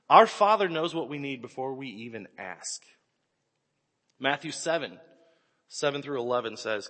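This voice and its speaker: A man in his forties preaching a sermon, telling stories with animated swings and sudden shouts. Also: medium pitch, moderate pace. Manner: animated storytelling, bursts into shouts. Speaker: pastor. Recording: echoey hall with long reverb.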